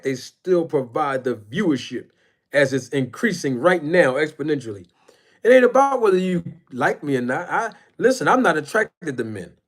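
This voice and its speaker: A man hosting a casual boxing live stream, rambling and emphatic as he shouts out chat viewers by name. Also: high voice. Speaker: boxing YouTube channel host.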